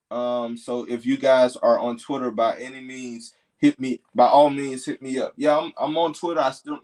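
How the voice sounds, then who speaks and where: A man's voice: medium pitch, poor audio. A young man hosting a casual livestream, reading out viewer comments and encouraging them in a loose, filler-heavy way. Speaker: livestream host.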